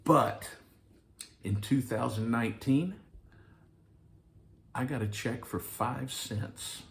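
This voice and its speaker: A man's voice: medium pitch, slow pace, creaky. Guy from arkansas telling a funny audition story, poking fun at himself. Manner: self-deprecating, wry. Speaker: actor. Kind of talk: anecdotal storytelling.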